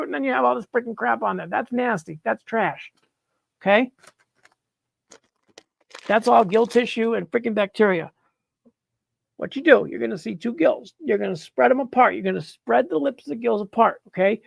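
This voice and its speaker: A man's voice: very high voice, normal speed, gravelly, fairly bright tone, no room sound. A man hosting a live mushroom-growing stream, talking casually while demonstrating and answering questions, blunt and exasperated, swearing freely.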